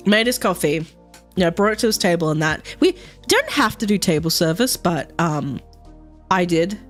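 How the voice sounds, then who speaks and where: A woman streamer telling stories in casual chat while gaming, swearing freely and laughing often. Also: medium pitch. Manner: swears freely, animated storytelling with frequent laughs.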